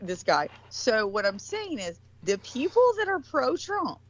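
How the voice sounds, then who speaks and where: A woman telling a story in casual chat, animated, often mimicking the people she quotes and swearing casually. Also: a little high, a little slow, lo-fi sound.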